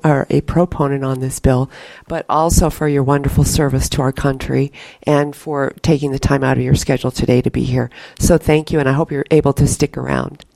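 Gravelly-voiced woman chairing a hearing. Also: low-pitched, mellow, no room sound. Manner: polite, formal, halting. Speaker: committee chair. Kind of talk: formal hearing procedure.

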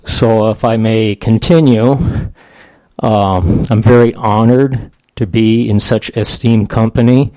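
A man's voice: on the low side, steady tone, slow pace, warm tone, no room sound. A man in his sixties, a veterans' advocate giving plain-spoken, folksy testimony at a committee hearing.

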